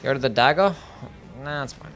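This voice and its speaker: A man's voice: medium pitch, a little fast, fairly bright tone. A young man streaming a game live, talking casually, swearing and reading chat aloud. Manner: laid-back, swears, reads chat aloud. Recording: faint music behind.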